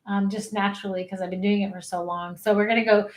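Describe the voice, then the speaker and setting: A woman life coach leading an energetic online session, cheering people through spoken affirmations. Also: mid-range voice, quick pace, echoey room. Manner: upbeat, encouraging, leads chanted affirmations. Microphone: webcam.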